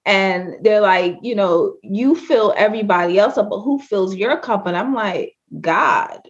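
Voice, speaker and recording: A woman from Jamaica hosting a podcast interview, emotive and quick to laugh. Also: mid-range voice. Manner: warm, emotive, laughs easily. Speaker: podcast host. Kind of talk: conversational interview. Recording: dull lo-fi sound.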